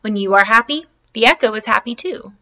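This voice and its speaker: A woman voicing a wise old male beaver who explains things gently in a storybook read-aloud. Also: a little high, a little fast. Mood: explaining.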